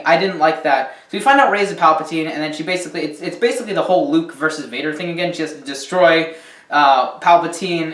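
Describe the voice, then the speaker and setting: A film reviewer with a high-side, fairly bright voice rambles through a casual rant about a movie, peppering it with ums and the odd curse. The recording has a distant mic and an echoey room.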